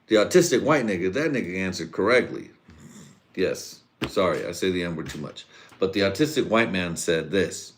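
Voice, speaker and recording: A man's voice: deep voice, lively intonation, moderate pace. A tipsy man hosting a casual live podcast, rambling and swearing a lot while laughing between thoughts. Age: adult father and husband. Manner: rambling, profane, laughs often. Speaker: podcast host. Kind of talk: casual live-stream rant.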